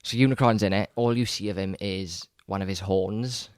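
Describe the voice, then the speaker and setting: Low-voiced male co-host, excited rambling chat, close and dry. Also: normal speed, clean tone, dry recording. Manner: rambling, enthusiastic, frequent restarts and stammers. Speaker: podcast co-host. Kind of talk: casual chat about films.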